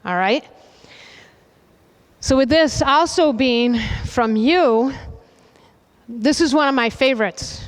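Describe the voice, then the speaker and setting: A woman coach runs a hands-on goalkeeping demo, her higher, clear, resonant voice ringing through a large indoor hall with a long echo. She gives brisk, directive instructions, keeps checking in with "okay?", and calls commands out loudly. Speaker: soccer coach running a goalkeeping demonstration. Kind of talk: on-field coaching demonstration. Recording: reverberant hall, voice from a distance.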